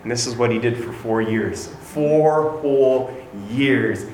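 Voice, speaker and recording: A man's voice: mid-range voice, slow pace, darkish tone. A male pastor retells a story from the pulpit, slipping into the voices of its people and adding wry asides about himself. His voice rings out in a roomy, echoing space over a faint hum of ambience. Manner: storytelling, acting out quotes, self-deprecating asides. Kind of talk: sermon. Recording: echoey room with faint ambience.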